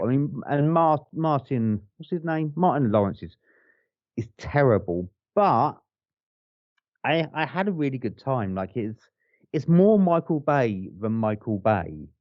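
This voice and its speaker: A man's voice: mid-range voice, no room sound, highs cut off. A man co-hosting a podcast, chatting casually and enthusiastically about films, swearing and rambling with restarts. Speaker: podcast co-host. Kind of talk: casual film review chat.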